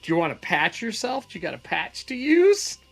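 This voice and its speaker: Game master, a man with a high, animated voice, running a tabletop session with quick calls for rolls. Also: gravelly, faint music behind.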